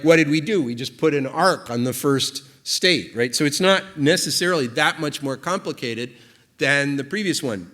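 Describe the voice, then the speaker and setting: A man's voice: mid-range voice, a bit bright. A man giving an invited academic conference talk, explaining ideas aloud in a loose, thinking-aloud way with frequent fillers and restarts. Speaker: invited speaker. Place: lecture hall. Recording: long reverb of a lecture hall.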